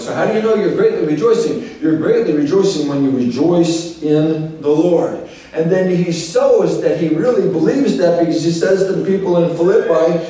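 A man's voice: a little high, lively intonation, moderate pace, warm tone, far from the mic. A male pastor preaching a sermon, emphatic, repeating key phrases and asking rhetorical questions. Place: church sanctuary. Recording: very echoey church hall, voice from off-mic, faint room noise.

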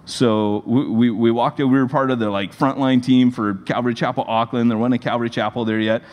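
Animated man preaching in a reverberant hall. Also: mid-range voice, fairly quick. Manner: animated, rambling storyteller with many fillers. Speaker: pastor. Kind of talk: sermon storytelling. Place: church hall.

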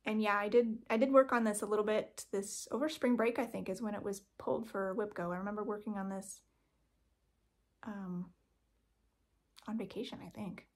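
Speaking at a normal speed in a steady, mid-range voice, a woman vlogs from her craft room at home about her cross stitch work. It's a relaxed show-and-tell, chatty and meandering, full of ums and self-corrections.

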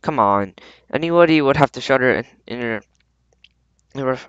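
A man reading a storybook aloud with halting restarts and frequent throat clearing. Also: medium pitch, lively intonation, fairly bright tone, no room sound, lo-fi sound. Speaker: audiobook reader. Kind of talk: amateur audiobook narration.

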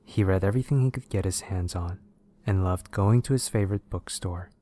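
A man narrating scary stories in a steady, measured way. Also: deep voice, dry recording. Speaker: horror story narrator. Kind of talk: scripted narration of horror stories.

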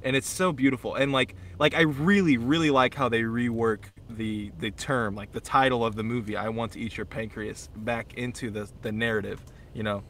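Bright-voiced young man gushing casually. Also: medium pitch, moderate pace, hardly any pauses, slight background noise. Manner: excitable, swears freely, many fillers and restarts. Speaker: podcast co-host. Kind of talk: casual chat.

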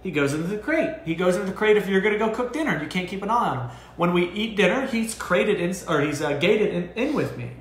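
A man giving casual dog training advice as a co-host, talking in an animated way. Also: fast, hardly any pauses. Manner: animated, jumps into high acted voices for owners. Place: dog boarding facility room. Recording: echoey room.

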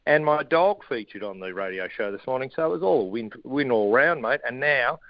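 A man's voice: medium pitch, lively intonation, a little fast, no echo. Australian man, middle-aged, easygoing yarn-spinner, remote shed studio, dry and a touch muffled. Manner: laid-back, jokey storytelling. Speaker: radio guest. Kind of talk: casual chat.

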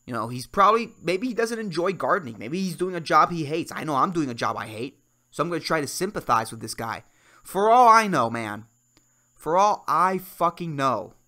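Ranting on his solo comedy podcast from Puerto Rico, this young male host swears a lot and shifts from heated outbursts to mumbled asides. He sounds on the high side with a sharp tone.

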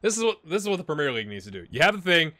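Man, gameplay commentary, lively swooping pitch, bright tone, excitable with quiet muttered asides, dry close sound. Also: very fast, dry recording. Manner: excitable, swings between loud cheering and quiet muttering. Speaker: gaming channel host.

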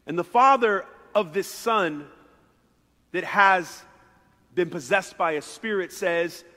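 A male pastor preaches in a church sanctuary with a notably high voice, talking to the congregation in a conversational, animated way. He often repeats words as he builds toward a point. His voice carries a long reverberant tail through the hall. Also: takes it slowly. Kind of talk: sermon.

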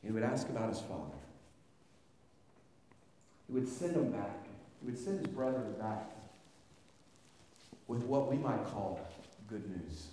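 A man preaching a sermon with passion, his voice rising to loud peaks as he reads scripture. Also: lowish voice, very animated, measured pace, pauses often, slight background noise. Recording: echoey hall, from a distance.

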